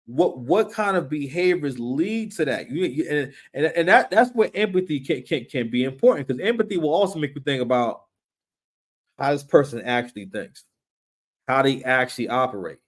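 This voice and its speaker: A man giving casual, animated commentary on a reality show, full of slang, repeated words and acted-out quotes. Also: a little high, normal speed.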